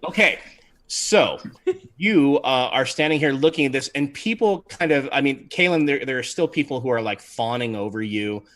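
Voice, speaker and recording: A man's voice: mid-range voice, expressive, moderate pace, a bit bright. A man narrating as game master in a tabletop game, rambling and laughing often.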